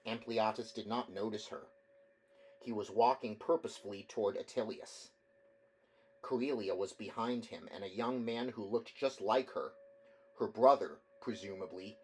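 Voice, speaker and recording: A man's voice: on the low side, a little hiss or hum, low-quality recording. Man narrating a novel aloud. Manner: measured, with occasional slips and restarts. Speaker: audiobook reader. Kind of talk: audiobook narration.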